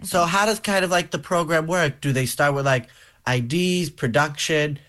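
A man's voice: a little high, normal speed, a bit bright. A man interviewing, asking tentative, searching questions.

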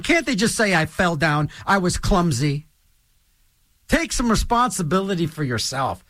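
Rambling high-voiced male host. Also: fairly bright tone, dry recording, studio quality. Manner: rambling, many restarts and stammers. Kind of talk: rambling solo monologue.

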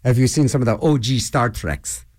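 A man's voice: mid-range voice, normal speed. A man hosting a local radio show, talking in a rambling, digressive way. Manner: rambling, digressive, animated storyteller. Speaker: radio host. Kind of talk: rambling casual radio talk.

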